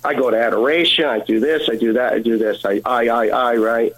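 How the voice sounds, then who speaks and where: A man's voice: medium pitch, steady tone, fairly quick, a bit bright, low-quality recording. A man giving an earnest personal testimony as a guest, acting out the dialogue as he tells it.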